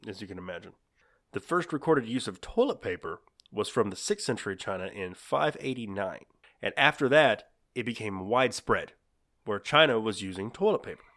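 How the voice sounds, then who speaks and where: A man's voice: on the low side, expressive, normal speed, a bit bright. A man co-hosting a casual podcast, laughing often as he tells odd trivia. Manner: laughs often, giggly storytelling of odd facts. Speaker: podcast co-host.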